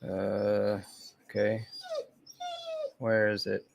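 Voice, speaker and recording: A man's voice: lowish voice, drawn-out words, vocal fry. Rambling casual man on a livestream. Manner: relaxed, rambling, lots of ums and trailing off. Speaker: knife channel host. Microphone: close desk mic.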